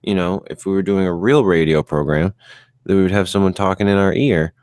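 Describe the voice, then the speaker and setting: Male podcast host, very low voice, dry close sound, sarcastic and teasing. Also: a little fast, darkish tone, no room sound. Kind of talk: casual chat.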